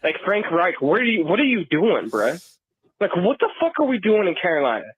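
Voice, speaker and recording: A man's voice: sits high, very animated, fairly quick, husky, no room sound. Profane ranting man on a tinny line. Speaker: podcast co-host. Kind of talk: heated sports reaction rant. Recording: dry tinny phone-like audio.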